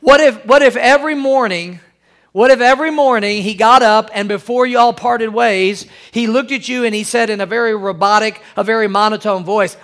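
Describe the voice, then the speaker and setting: A man's voice: high-pitched, normal speed, fairly bright tone. A male pastor preaching a sermon, talking straight to his congregation, repeating phrases for emphasis and calling for amens. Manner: addresses congregation directly, calls for amens.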